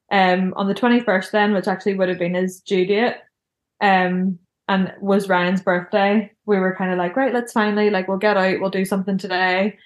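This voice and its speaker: A woman's voice: mid-range voice, reverberant. A young woman telling a personal story in a casual, chatty way, filling her speech with "like". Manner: chatty, heavy use of "like" fillers.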